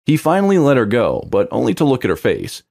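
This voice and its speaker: A man reading a romance story aloud in scripted narration, with an expressive delivery. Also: mid-range voice, fast talker, gravelly.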